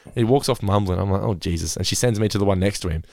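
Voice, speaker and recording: An Australian man hosting a casual chat, an animated storyteller who acts out quotes and laughs often. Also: fairly low pitch, rapid-fire, dry recording, studio quality. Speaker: podcast host.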